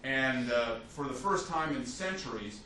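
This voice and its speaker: A man teaching a history class as a lecturer, telling the story with lively restarts and fillers. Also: medium pitch, measured pace. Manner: animated storytelling with many restarts. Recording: echoey classroom from a distance, faint hiss.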